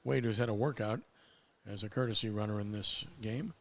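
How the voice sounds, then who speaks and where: A man calling baseball play-by-play, his voice rising sharply in pitch and volume on big plays. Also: fairly even intonation, a little fast. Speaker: play-by-play announcer.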